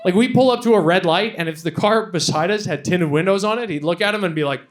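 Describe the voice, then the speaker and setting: A man's voice: high voice, quick pace. A man from Canada performing a stand-up comedy set, rambling and self-deprecating, bursting into voices for the people in his stories. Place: comedy venue before a live audience. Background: audience laughter.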